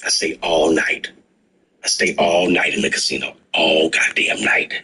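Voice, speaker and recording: A middle-aged man telling stories in a casual podcast chat, animated and profane, acting out his own past words. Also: low voice, unhurried. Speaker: guest storyteller.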